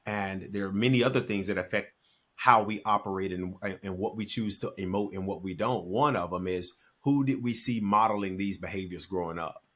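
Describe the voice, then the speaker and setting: Podcast guest: man, 40s, husky and fairly low voice, earnest, emphatic storytelling. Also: normal speed, a bit bright. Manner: earnest, emphatic, acts out quoted dialogue. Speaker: podcast guest, speaker and author. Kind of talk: reflective storytelling in conversation.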